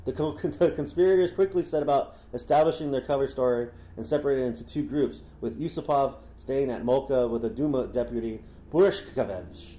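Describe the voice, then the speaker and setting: A man's voice: medium pitch, a little fast, hardly any pauses, mellow, roomy sound, slight background noise, rough recording. A man co-hosting a podcast, reading a story aloud with frequent laughs and stumbles. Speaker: podcast co-host.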